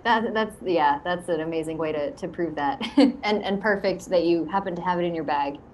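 A young woman hosting an online Q&A on a video call, friendly and quick to laugh. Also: on the low side, a little mellow, slight background noise. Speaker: host.

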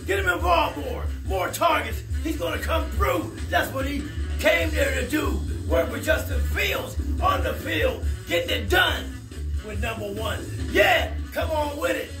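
Hyped up guy yelling and laughing in a fan vlog, high gravelly voice, echoey room, loud music behind. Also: recorded from a distance. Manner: shouting, chanting, laughing often. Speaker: sports fan vlogger. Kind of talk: hype video.

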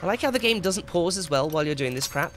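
A man giving excitable let's play commentary, swearing and shouting at the game as he plays. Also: a little high, fast talker. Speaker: gaming channel host. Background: game music and sound effects.

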